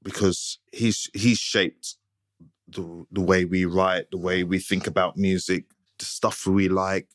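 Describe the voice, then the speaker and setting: A man's voice: low-pitched, little pitch movement, takes it slowly, no room sound, studio quality. A man guest in a casual interview, telling stories in an easygoing, anecdotal way. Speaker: guitarist, guest.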